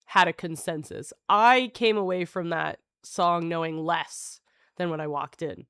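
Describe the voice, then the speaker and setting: A woman's voice: lowish voice, measured pace, fairly bright tone, clean tone, no echo, studio quality. Scattered, jokey woman streamer. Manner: jokey, scattered, full of restarts and self-interruptions. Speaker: live streamer. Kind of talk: rambling live-stream chat with viewers.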